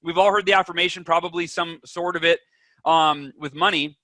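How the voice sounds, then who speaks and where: Bright, energetic man guest. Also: on the high side, fairly quick, no echo. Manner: energetic, emphatic, acts out inner voices. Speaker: podcast guest, author. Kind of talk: animated interview talk.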